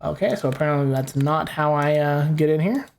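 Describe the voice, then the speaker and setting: A man's voice: on the high side, a little fast, gravelly, a little hiss or hum. Rambling young man playing a game. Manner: casual, rambling, swears freely. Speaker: gaming host. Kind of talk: let's play commentary.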